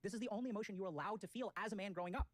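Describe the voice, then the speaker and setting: A man's voice: sits high, racing, no room sound. A man arguing his case in a casual debate, throwing rhetorical questions at the others. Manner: rhetorical, quizzes his listener.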